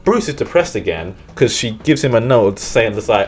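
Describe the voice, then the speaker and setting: A man's voice: lowish voice, big pitch swings, normal speed, hardly any pauses. A young man recapping a film in casual, rambling commentary, swearing and mocking himself. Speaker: movie reviewer.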